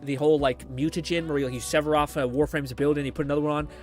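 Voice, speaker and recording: A man's voice: a little high, steady tone, fast, soft background music. A young man hosting a gaming livestream, rambling casually, swearing and laughing often as he chats. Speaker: livestream host. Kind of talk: casual gaming stream chat.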